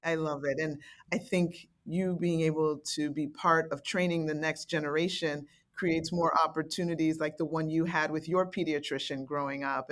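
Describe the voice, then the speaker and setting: A woman interviewer speaking warmly and enthusiastically to her guest in a conversational interview. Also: deep voice. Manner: effusive, enthusiastic praise.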